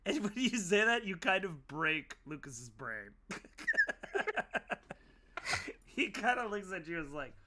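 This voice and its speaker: A man narrating a tabletop role-playing game as game master, laughing often and slipping into quick character voices. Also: high-pitched, sing-song, pushed and bright.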